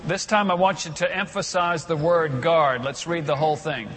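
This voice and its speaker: A man's voice: fairly high pitch, lively intonation, moderate pace, hardly any pauses, a bit bright, big-room sound. A man giving a sermon as pastor in a conversational way, leading the congregation in reciting scripture aloud.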